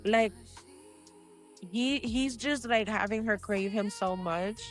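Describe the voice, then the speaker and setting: A woman's voice: mid-range voice, slow, soft background music. A woman co-hosting a book club podcast, retelling a book in a casual, slangy way, full of "like" and laughter.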